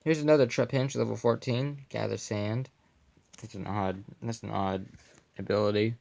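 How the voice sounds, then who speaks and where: A man's voice: medium pitch, normal speed, vocal fry, a little mellow. A young man casually commenting on his card collection, slipping goofy puns and mumbled asides in between.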